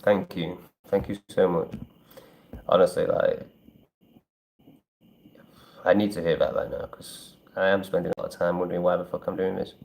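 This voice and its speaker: A man's voice: deep voice, little pitch movement, normal speed, vocal fry, pauses often, darkish tone. Blunt, swearing man. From England. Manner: rambling and blunt, swears freely. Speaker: travel vlogger. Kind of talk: casual livestream chat, reading viewer comments.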